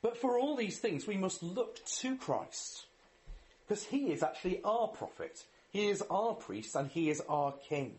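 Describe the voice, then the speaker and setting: Male preacher, slightly high voice, very animated, earnest sermon delivery. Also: unhurried. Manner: earnest, asks rhetorical questions. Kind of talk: sermon with scripture reading and prayer.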